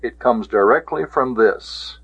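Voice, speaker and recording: Man teaching greek words real slow, husky voice, says each one twice, dull dry old recording. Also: mid-range voice, fairly bright tone, no echo. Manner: slow, careful pronunciation drills, repeating each word; occasional self-corrections and hesitations. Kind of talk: recorded vocabulary lesson.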